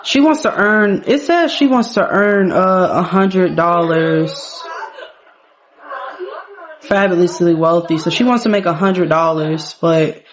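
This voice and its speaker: A woman's voice: lowish voice, slow pace. Candid, swearing woman narrating a game. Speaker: gaming vlogger.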